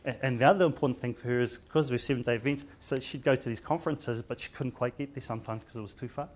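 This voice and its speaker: Chatty New Zealand doctor telling stories. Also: male voice, mid-range voice, quick pace. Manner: chatty storyteller with many restarts and stammers; mixes in Māori words. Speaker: general practitioner giving a seminar talk. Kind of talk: informal conference presentation.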